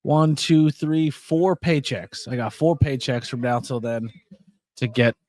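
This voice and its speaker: A man's voice: medium pitch, unhurried, darkish tone. A tired, yawning man hosting a casual watch-along stream, chatting to viewers in the chat. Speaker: podcast host.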